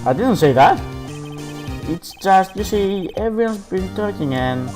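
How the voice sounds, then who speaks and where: A man playing a fussy old judge who stumbles and hesitates, his pitch rising and falling. Game music runs behind. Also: lively intonation. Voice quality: hesitant, halting. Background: background game music.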